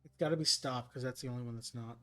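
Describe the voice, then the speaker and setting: A man's voice: mid-range voice, steady tone, fast talker, pushed and bright. A man streaming a puzzle game, thinking aloud and reading clues as he works them out.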